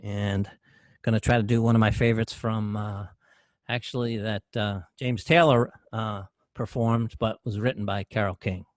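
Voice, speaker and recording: A man hosting an online open mic over a video call, talking in a halting, unhurried way with pauses and restarts. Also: lowish voice, fairly even intonation, no room sound. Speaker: open mic host and musician. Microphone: computer mic on a video call.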